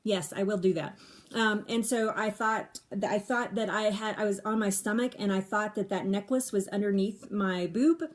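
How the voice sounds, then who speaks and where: Speaking at a normal pace in a middle-range voice, a middle-aged livestream host answers her viewers' questions in a casual monologue over a phone or webcam mic. Frank and talkative, she doubles up words for emphasis and frequently starts sentences over.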